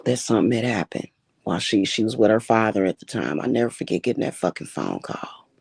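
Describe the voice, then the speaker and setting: A woman's voice: extremely low pitch, animated, quick pace, creaky, darkish tone, slightly rough, no room sound. A woman hosting a casual livestream as a spiritual reader, telling stories in a blunt, profane and emphatic way.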